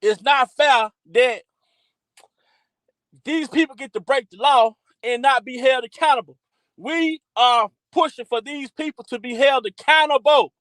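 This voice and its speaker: Guy on a livestream, real high voice, shouting out cities over and over, dry close sound. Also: unhurried, no echo, low-quality recording. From Texas by way of Louisiana. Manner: hyped, repetitive, calls out to chat. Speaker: livestream host. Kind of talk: casual livestream shout-outs.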